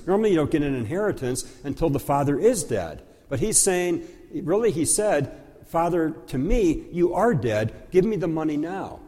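A pastor explaining a church liturgy in a slow, conversational teaching style, with occasional fillers. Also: male voice, mid-range voice, dark tone. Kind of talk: teaching sermon. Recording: long hall reverb.

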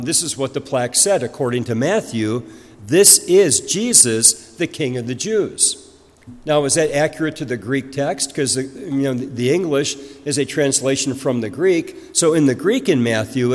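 A man preaching a sermon as pastor, explaining in a conversational way with fillers and restarts. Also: medium pitch. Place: church. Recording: long reverb of a church hall.

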